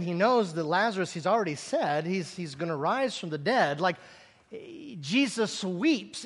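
A man's voice: sits high, fairly bright tone, big-room sound. A man preaching a sermon, acting out scripture scenes and asking rhetorical questions.

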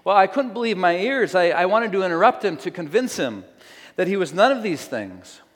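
A man giving a sermon, telling a story aloud in an earnest, slow, emphatic way. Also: sits high, very animated. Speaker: preacher. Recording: long hall reverb.

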